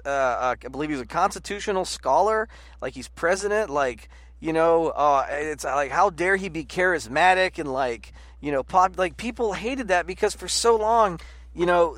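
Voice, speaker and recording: Rambling high-voiced man in casual talk. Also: no echo. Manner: rambling, animated, heavy use of "like". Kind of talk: casual political chat.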